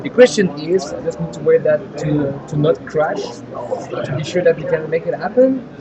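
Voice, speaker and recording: A French-accented man co-hosts a live hardware event stream, chatting and playfully teasing as he runs giveaways. His voice sits fairly high, and a crowd murmurs clearly behind him at the busy venue. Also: animated, moderate pace, muffled recording. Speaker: livestream co-host.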